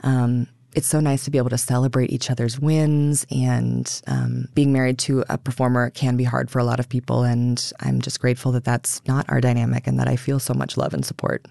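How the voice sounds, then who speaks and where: Gravelly-voiced woman, effusive actor. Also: a bass voice, flat delivery, a little fast, few pauses, dry recording, studio quality. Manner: warm, effusive, many fillers. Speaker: stage actor, guest. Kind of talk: casual radio interview chat.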